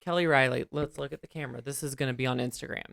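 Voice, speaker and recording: A man's voice: mid-range voice, steady tone, very fast, vocal fry, fairly bright tone, no echo, clean studio sound. An American man from West Virginia hosting a podcast in casual chat, gushing and theatrical. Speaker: podcast host.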